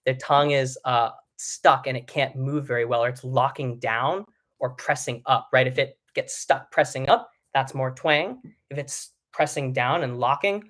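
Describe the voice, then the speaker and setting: In a live online singing lesson, a young male vocal coach explains techniques in a relaxed tone and occasionally demonstrates by singing short bits. He speaks at normal speed with a mid-range voice.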